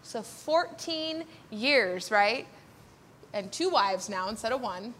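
High-voiced animated woman teaching Bible. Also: takes it slowly, a little hiss or hum. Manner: animated, acts out quoted voices.

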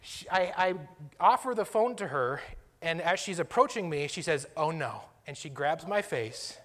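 A man's voice: on the high side, lively intonation, normal speed, fairly bright tone, long reverb tail, a little hiss or hum. A man casually telling a personal story, self-deprecating, chuckling and restarting his sentences.

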